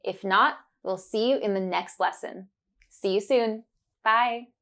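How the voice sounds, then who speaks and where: A woman leading a scripted pronunciation lesson, saying each word slowly and deliberately and cheering the learner on. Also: medium pitch, a bit bright. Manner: slow, deliberate, encouraging drill delivery. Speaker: pronunciation teacher.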